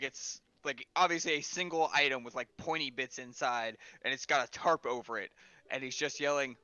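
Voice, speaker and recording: Bright smooth-voiced man at a game table. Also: medium pitch, no echo, dull audio. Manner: hesitant, lots of fillers. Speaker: player. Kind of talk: casual tabletop chat.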